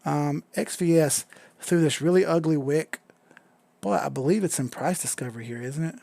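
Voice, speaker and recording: A gravelly, laid-back man with a drawl talks through charts on his live stream, drifting from point to point and swearing casually. His voice sits at an ordinary pitch and is recorded dry and close. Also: moderate pace, mellow, no echo. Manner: laid-back, rambling, swears casually, reads chat aloud. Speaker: crypto live stream host.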